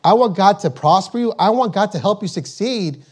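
A man with a high voice delivers a sermon in an emphatic, repetitive way. He hammers the same points home and slows right down when he reads out scripture. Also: lively intonation, darkish tone, husky. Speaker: preacher.

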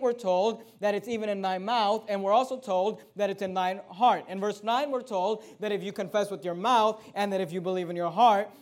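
A man with a high voice preaches a Bible study sermon to his congregation. He is emphatic, repeats key phrases and keeps asking his listeners whether they see the point. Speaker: pastor.

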